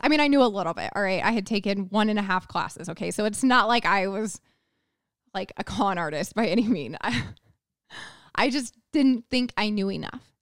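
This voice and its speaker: A woman's voice: medium pitch, moderate pace, clean tone, no echo, clean studio sound. A young woman hosting a solo motivational podcast in an earnest, chatty way, often acting out her own inner voice. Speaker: podcast host.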